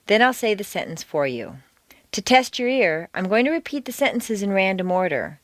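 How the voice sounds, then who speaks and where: A woman with a mid-range voice, recorded without room sound, delivers a scripted pronunciation lesson. Her speech is deliberate, with the stressed words heavily exaggerated.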